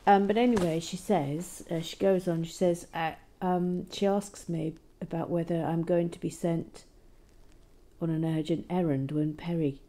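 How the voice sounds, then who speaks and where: Low, slow-talking woman vlogger. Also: fairly even intonation, dark tone. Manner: chatty, rambling, lots of fillers and restarts. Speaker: building-toy vlog host. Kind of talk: casual build commentary. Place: cold room at home.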